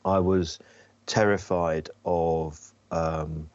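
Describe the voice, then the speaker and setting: Male comic, very low voice, dull lo-fi recording, wry self-deprecating anecdotes. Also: level tone, very slow, a little mellow, dry recording. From England. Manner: self-deprecating, frequent restarts. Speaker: comedian guest. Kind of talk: anecdotal interview storytelling. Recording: dull slightly lo-fi sound.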